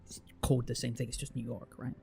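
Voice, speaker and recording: Man, Bristol West Country accent, deep fry in the voice, rambling livestream chat, faint background music. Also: flat delivery, quick pace, dark tone. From Bristol, England. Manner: curious, rambling, many restarts and fillers. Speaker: streamer chatting with a guest.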